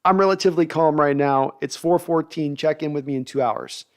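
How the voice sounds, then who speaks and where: Middle-aged male streamer host, animated, rambling, reading viewer chat live. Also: a little high, fairly quick, clean tone. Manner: animated, hyped, rambling with restarts.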